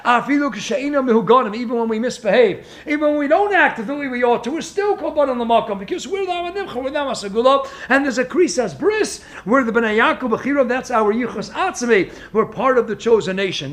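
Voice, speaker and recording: A man giving a Torah lecture as a rabbi, with an expressive, sing-song delivery full of rhetorical questions. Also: very high voice, quick pace, hardly any pauses.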